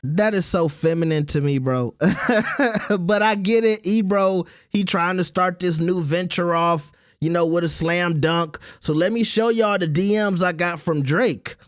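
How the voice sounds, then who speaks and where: A man's voice: sits high, normal speed, few pauses, no room sound, clean studio sound. A man hosting his own commentary channel, giving blunt, opinionated takes in a casual rant.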